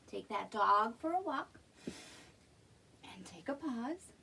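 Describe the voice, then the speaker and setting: A woman leading an interactive children's storytime, reading aloud and coaching kids through yoga poses in an animated way. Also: high-pitched, far from the mic, a little hiss or hum.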